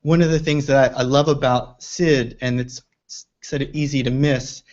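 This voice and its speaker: A man's voice: mid-range voice, steady tone, moderate pace, a little mellow. A man giving reflective commentary on a poem, thinking aloud with restarts. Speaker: poetry reader and commentator. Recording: dull lo-fi recording.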